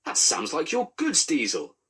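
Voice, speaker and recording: A man's voice: fairly high pitch, wildly swooping pitch, a little slow, a bit bright, slightly rough, voice pushed up, heavily acted. A man voicing a pompous, officious male railway inspector in a fan-made storybook parody, speaking in a raised, spluttering voice. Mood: alarmed.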